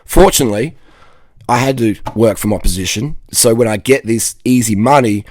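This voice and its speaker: A man's voice: medium pitch, moderate pace, a little mellow, no room sound. A man, ranting casually to camera in a blunt, rambling, profane way. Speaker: vlogger.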